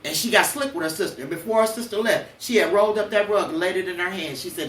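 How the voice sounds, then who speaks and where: A woman's voice: on the low side, quick pace, hardly any pauses, reverberant, recorded from a distance, slight background noise. An older woman hosting a podcast, telling blunt, preachy personal stories with cursing. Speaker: podcast host. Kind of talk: emotional personal monologue.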